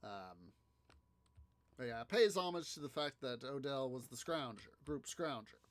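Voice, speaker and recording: Slow, rambling man with a smooth voice. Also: mid-range voice, lively intonation, no echo. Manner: rambling, halting storytelling with many fillers and restarts. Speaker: gaming channel host. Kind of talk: casual gameplay commentary.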